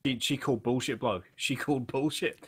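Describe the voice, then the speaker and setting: A man in a mid-range voice, rambling through excitable stories and casual gaming banter. He swears freely as he chats. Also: mid-range voice, fairly quick, husky. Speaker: podcast co-host.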